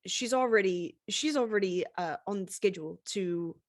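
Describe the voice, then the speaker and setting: A woman's voice: medium pitch, moderate pace. A woman running a tabletop role-playing game as game master, chatty and full of fillers as she describes the scene.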